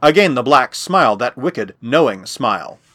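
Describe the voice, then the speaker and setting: A man narrating an adventure novel in an expressive, dramatic reading. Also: mid-range voice, moderate pace. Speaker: audiobook narrator. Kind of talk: scripted narration.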